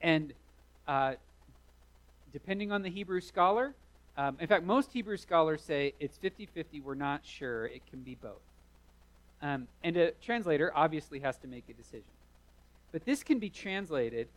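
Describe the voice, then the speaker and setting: A man's voice: a little high, lively intonation, normal speed, poor audio. A man preaching a sermon, retelling a story vividly with rising emphasis. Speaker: pastor.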